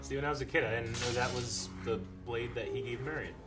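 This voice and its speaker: A man's voice: mid-range voice, fairly even intonation, quick pace, over music. A young man in a casual movie discussion, chatty and retelling behind-the-scenes trivia. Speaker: show co-host, movie reactor.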